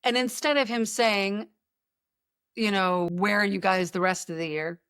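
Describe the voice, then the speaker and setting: Woman podcast host rambling thru funny stories, middle pitch, dry close mic. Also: a little slow, fairly bright tone, smooth, dry recording. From United States. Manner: rambling, joking storyteller. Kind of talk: casual chat.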